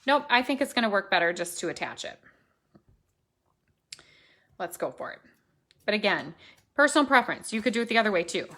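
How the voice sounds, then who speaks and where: A middle-aged woman talks through a live card-making demonstration. She has a mid-range voice and a chatty, easygoing delivery. She thinks out loud and corrects herself as she works. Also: mid-range voice. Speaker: stamping demonstrator.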